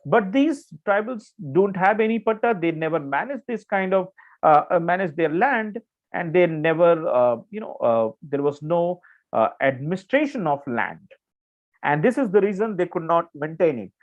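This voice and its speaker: An Indian English man lectures on current affairs for exam candidates, his voice a touch high. He works through points with repeats, fillers and frequent "okay"s. The sound is narrow and tinny, like a phone line. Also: animated, moderate pace. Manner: explains with many restarts and fillers, checks in with "okay". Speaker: exam coaching teacher.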